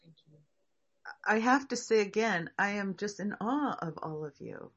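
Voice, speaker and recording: Husky-voiced woman leading a group call. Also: medium pitch, lively intonation, fairly bright tone, highs cut off. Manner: reflective, encouraging, halting with many restarts. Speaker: group facilitator. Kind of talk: casual group discussion.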